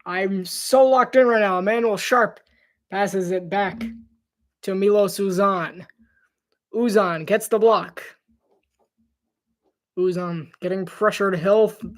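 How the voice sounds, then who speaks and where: A man doing amateur play-by-play commentary of a basketball game on his own, rising in excitement on big plays and sometimes tripping over player names. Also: high voice. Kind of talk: amateur live sports commentary.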